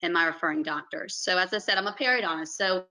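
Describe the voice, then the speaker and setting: A periodontist woman from Alabama, talking earnestly and warmly over a video call on a panel. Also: fairly low pitch, quick pace, low-quality recording. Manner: earnest, effusive, says "y'all".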